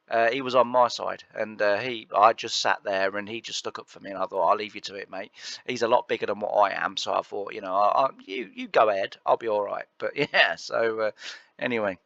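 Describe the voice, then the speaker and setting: A man's voice: medium pitch, a bit bright, no room sound, lo-fi sound. A middle-aged British man chatting casually as he plays a farming game, telling stories and laughing along. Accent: British English. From Britain. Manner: chatty storyteller, laughs through anecdotes. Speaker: gaming channel host. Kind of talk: casual chat while playing.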